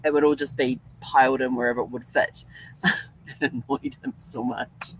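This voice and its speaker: A woman's voice: a bass voice, very animated, normal speed, a little hiss or hum, rough recording. An older woman hosting a podcast, telling rambling stories in a chatty way and laughing often. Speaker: podcast host. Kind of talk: casual storytelling monologue.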